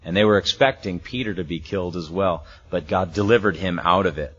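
Pastor guy teaching bible verses, kinda husky, sounds a bit muffled like an old church tape. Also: deep voice, a little fast. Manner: conversational, acts out quoted voices, chuckles often. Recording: muffled lo-fi sermon recording.

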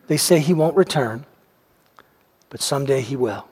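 A man preaching a sermon, earnestly retelling a story, whose phrases often fade softly at the end. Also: fairly high pitch, steady tone, moderate pace. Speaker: pastor. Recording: long hall reverb.

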